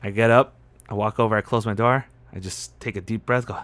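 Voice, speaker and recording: A man playing a detective in a tabletop game, answering in a dry, deadpan way. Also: lowish voice, brisk, no room sound. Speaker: player. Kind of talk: in-character tabletop play.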